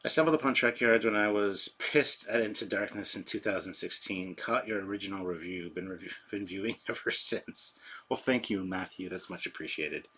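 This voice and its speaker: A man's voice: low-pitched, normal speed, sharp tone, husky. A man hosting a casual livestream, rambling and chatty as he reads and answers chat on a sensitive microphone. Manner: rambling, chatty, self-deprecating. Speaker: livestream host. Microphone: sensitive desk microphone.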